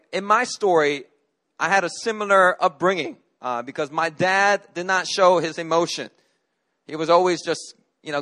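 A man's voice: on the high side, sharp tone. A middle-aged man from Korea, a pastor preaching a sermon, telling a personal story in an earnest way with frequent restarts.

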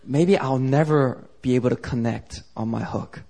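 A man's voice: medium pitch, moderate pace, vocal fry, warm tone. A man playing a shaken boxer full of doubt. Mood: doubtful. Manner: anxious, self-doubting.

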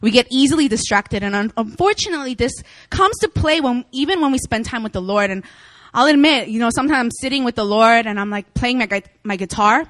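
A woman's voice: a little high, a little fast, no room sound. Chatty young woman preaching with a dry sound. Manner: chatty, laughing, animated storytelling. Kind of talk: casual sermon. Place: church meeting room.

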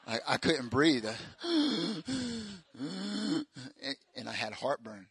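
A young man preaching a casual, joking sermon, acting out stories with high-pitched quoted voices. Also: moderate pace, creaky, slight background noise. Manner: animated, jokey, acts out quotes in high voices. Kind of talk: sermon storytelling.

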